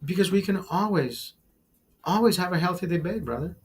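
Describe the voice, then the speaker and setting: A man's voice: high-pitched, animated, moderate pace, slightly rough. A man hosting a casual livestream, ranting emphatically with a lot of swearing, often calling his listeners brother and repeating words as he goes. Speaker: livestream host.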